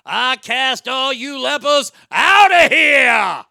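A brash gangster Jesus bellows slow, swaggering lines, as a man puts him on. The voice is gravelly and pushed high and bright. It sounds close and dry. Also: expressive, dry recording, heavily acted. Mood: bellowing. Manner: shouting, boisterous, drawn out.

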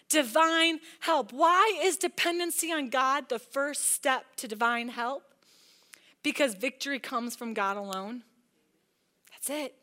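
A woman in her thirties preaching to a women's church meeting, telling a family story with animated quoted voices. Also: high voice, measured pace. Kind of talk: sermon with personal story.

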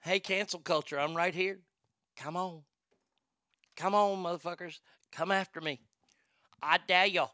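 A man's voice: sits high, fairly even intonation, measured pace, long pauses, pushed and bright, dry recording, clean studio sound. A man hosting a comedy show, reading odd news stories and joking about them in a profane, irreverent way. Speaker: host.

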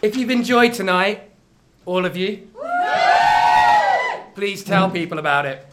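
A man's voice: high-pitched, expressive, over a noisy crowd, heavy background noise. A man hosting a comedy night, reading closing announcements with hesitant fillers. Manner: hurried plugs with filler ums.

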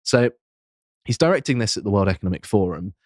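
Low-pitched male podcast host, casual and measured, lots of ums, dry close mic. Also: lively intonation, a little mellow, dry recording. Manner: reads quotes aloud, measured, frequent ums. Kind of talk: casual political discussion.

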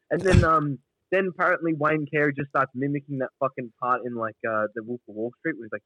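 A man's voice: mid-range voice, fast, bright, forceful tone, no echo, lo-fi sound. An Australian man co-hosting a podcast, rambling through a crude story with lots of swearing and filler. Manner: rambling, profane, acts out voices in retelling. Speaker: podcast co-host. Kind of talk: crude casual banter.

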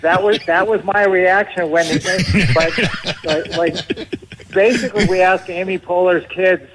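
Middle-aged man, talkative guest who stumbles and laughs through his answers, a touch high-voiced. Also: fairly even intonation, normal speed, crowd noise, rough recording. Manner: chatty, laughs often, frequent restarts. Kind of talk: casual interview.

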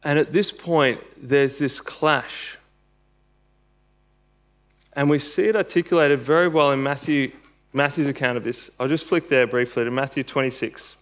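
A man's voice: normal speed, a bit bright. A man preaching a sermon, reading scripture aloud and explaining it, rising for emphasis. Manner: expository preaching, reads scripture aloud, rises in pitch for emphasis.

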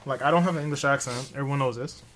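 A man's voice: medium pitch, very fast, fairly bright tone, a little hiss or hum. A man co-hosting a podcast, rambling through stories with lots of fillers and restarts. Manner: rambling storytelling with many fillers. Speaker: podcast co-host. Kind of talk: casual podcast banter.

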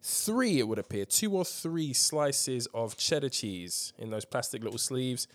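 A man's voice: mid-range voice, animated, unhurried. A man hosting a casual current-affairs podcast, telling a story emphatically with swearing and lots of ums. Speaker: podcast host.

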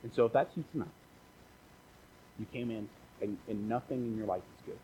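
A man's voice: on the low side, brisk, warm tone, husky, rough recording. A man preaching a casual, conversational sermon as a pastor, repeating phrases for emphasis and dropping joking asides.

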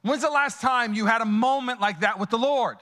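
A man preaching a sermon, casual and storytelling, swinging between loud, high passages and quiet, intimate asides. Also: a little fast. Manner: casual, storytelling, many fillers and restarts. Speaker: pastor. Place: church auditorium.

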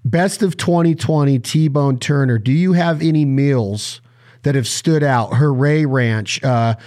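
Man, interviewer, eager, quick bursts of questions, mid-pitched. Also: darkish tone. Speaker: podcast host. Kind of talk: casual interview.

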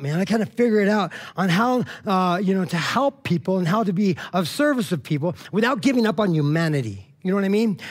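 Animated male preacher telling a story. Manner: animated, acts out dialogue with swings in pitch and loudness; conversational, frequent "all right?" and "you know what I mean?". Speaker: pastor. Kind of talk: storytelling sermon.

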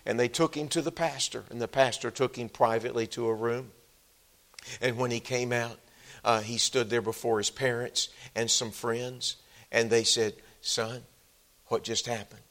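A male preacher delivering a sermon in a church, swinging between loud, emphatic peaks and low, quiet passages. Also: steady tone, moderate pace. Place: church sanctuary.

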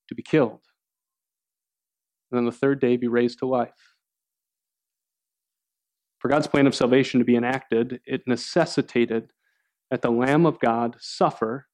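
A man delivering a sermon in a measured, earnest way. His voice sits at an ordinary middle pitch, and he stops and restarts now and then as he works through a point. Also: darkish tone. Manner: earnest preaching, acts out quoted voices with rising pitch. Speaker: pastor.

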